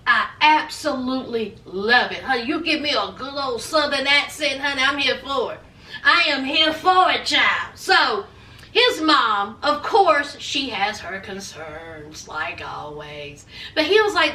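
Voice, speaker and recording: Sassy woman with a high bright voice dishing on a reality show, calls everyone honey, kinda far from the mic in a roomy space. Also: animated, measured pace. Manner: chatty gossipy storytelling with laughs. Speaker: show recap host. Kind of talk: casual reality-show recap.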